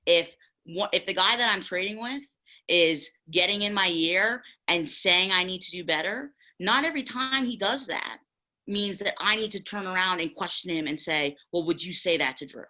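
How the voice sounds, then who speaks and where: A young woman on a panel discussion, candidly telling stories with lively acted-out quotes. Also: mid-range voice, normal speed, rough recording.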